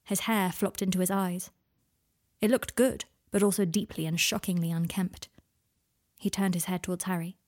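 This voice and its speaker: Woman reading a story out loud, calm and measured, close and intimate. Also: lowish voice. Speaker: narrator. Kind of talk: scripted narration of fan fiction.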